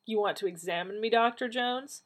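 A woman voicing a feisty, quick-tempered young woman in a storybook reading. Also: mid-range voice, lively intonation, natural voice. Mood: spirited. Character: feisty red-haired young British woman.

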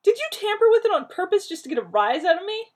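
A woman's voice: very high voice, sing-song, quick pace, voice pushed up. A woman reading as a peevish, wordy male scientist. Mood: outraged. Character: peevish, anxious male scientist, fast-talking.

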